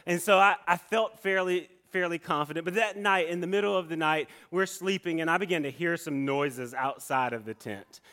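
A man telling a personal story in a sermon, animated, with many restarts and asides. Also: fairly high pitch, normal speed, hardly any pauses.

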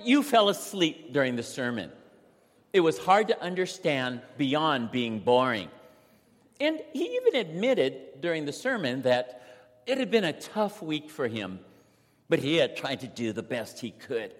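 Male pastor in the pulpit, slightly high voice that swings widely as he tells stories, long church reverb. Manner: animated storytelling with dramatic pauses. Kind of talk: sermon. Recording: long reverb of a large hall.

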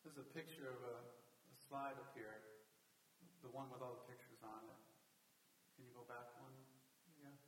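A man's voice: medium pitch, fairly even intonation, moderate pace, long pauses, far from the mic. Man preaching in a roomy hall. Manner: earnest, builds to emphatic retelling with acted quotes. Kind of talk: sermon. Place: church hall. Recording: roomy hall from afar with faint hiss.

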